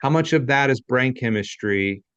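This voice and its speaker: A man's voice: mid-range voice, normal speed, fairly bright tone, clear, resonant tone, no echo, lo-fi sound. A man hosting an interview, asking long, candid, rambling questions. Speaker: podcast host. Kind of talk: conversational interview.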